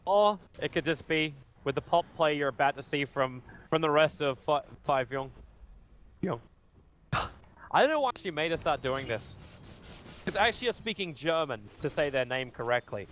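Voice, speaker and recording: A man casting a live esports match, rambling in asides and rising to excited play calls. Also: a little high, moderate pace, slight background noise. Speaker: esports commentator.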